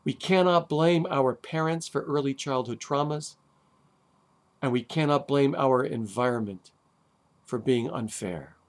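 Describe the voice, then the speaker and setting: A man, a rabbi, giving a sermon on the weekly Torah portion, deliberate with dramatic pauses and wry asides. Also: mid-range voice. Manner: deliberate, with long dramatic pauses and emphatic stresses.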